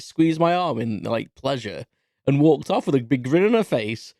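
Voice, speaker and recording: A British man around forty talks alone on his podcast in a candid, rambling flow, spinning a personal anecdote. His voice sits at an ordinary mid pitch. The recording is dry and close, with no room sound. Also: lively intonation, brisk, darkish tone, no room sound. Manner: rambling, chatty storyteller. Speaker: podcast host. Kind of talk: candid solo podcast monologue.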